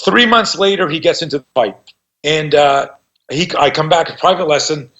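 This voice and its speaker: A man's voice: on the high side, moderate pace, fairly bright tone, highs cut off. A man in his fifties, a self-defense instructor and podcast guest, tells stories with energy, swears freely and acts out what people said. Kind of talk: animated storytelling.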